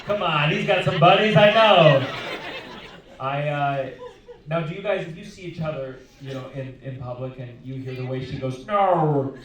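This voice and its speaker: Guy comic riffing on the crowd, highish voice, super echoey club, audience roaring. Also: moderate pace, recorded from a distance, noisy background. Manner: brash, profane, laughing teasing. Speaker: stand-up comedian. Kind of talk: crowd work on stage. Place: comedy club stage.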